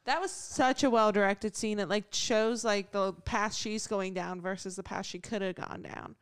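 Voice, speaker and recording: A woman's voice: medium pitch, steady tone, moderate pace, clean tone, dry recording. A young woman chatting on a podcast, filling her talk with "like" as she recalls film scenes. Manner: chatty, many "like" fillers. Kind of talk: casual podcast chat.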